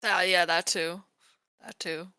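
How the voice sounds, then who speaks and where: A chatty woman at a tabletop game, with a bright, forceful voice and a joking, animated way of talking. She sounds close and dry, with no echo. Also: on the low side, smooth. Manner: chatty, quick to laugh and joke. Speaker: player. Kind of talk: casual game chat.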